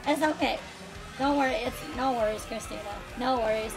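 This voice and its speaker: A fairly quick-talking woman with a voice on the high side streams a racing game, bantering in a bubbly, chatty manner with friends and viewers and laughing often. Music plays in the background, and a crowd can be heard too.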